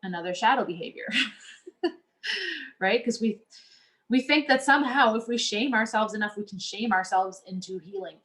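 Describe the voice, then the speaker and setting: A woman's voice: a little high, animated, normal speed, pauses often, a bit bright. Woman, coach, casual teaching talk, earnest, conversational, frequent restarts and fillers.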